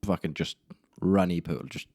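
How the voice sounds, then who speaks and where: A man's voice: low voice, moderate pace, a little mellow, slight background noise. A young man hosting a solo podcast, telling embarrassing stories in a rambling, self-deprecating way with casual swearing. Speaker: podcast host. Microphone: camera mic in a room.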